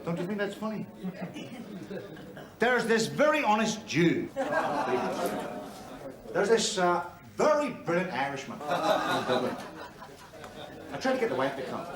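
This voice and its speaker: In a TV drama, an actor plays a brash, crude club comedian from Belfast, speaking in a Belfast accent as he tells bawdy jokes on stage. His voice is high-pitched and very animated, and his delivery is unhurried with frequent pauses. Crowd noise and a laughing audience fill the echoey club hall.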